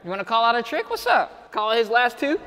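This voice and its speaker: A man hosting a skateboard challenge who teases the skater, laughs often and shouts out the trick calls. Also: very high-pitched, big pitch swings, fairly quick, in a large hall. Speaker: host calling tricks. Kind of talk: playful banter at a skate challenge.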